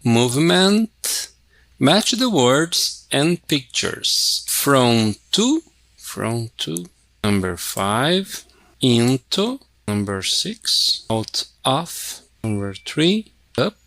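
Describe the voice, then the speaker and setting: A man's voice: mid-range voice, big pitch swings, extremely slow, fairly bright tone, dry recording. A man teaching English, thinking aloud and repeating words as he works through exercises. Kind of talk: casual classroom walkthrough.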